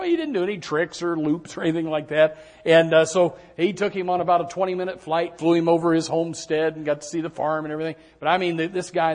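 A middle-aged man preaching a sermon as pastor to a congregation, swinging from soft asides to loud exclamations. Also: high-pitched. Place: church sanctuary.

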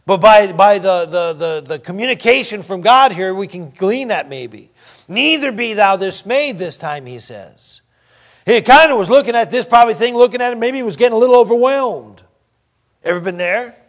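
High-voiced preacher man, emphatic. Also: lively intonation. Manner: reads scripture slowly, preaches with emphatic swings in volume. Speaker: pastor. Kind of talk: sermon. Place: church.

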